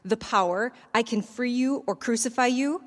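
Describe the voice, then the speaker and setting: A woman's voice: on the high side, moderate pace, big-room sound, pitched above the performer's own voice, natural voice. A woman reading the part of an uneasy male Roman governor, pressing him with raised questions. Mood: questioning.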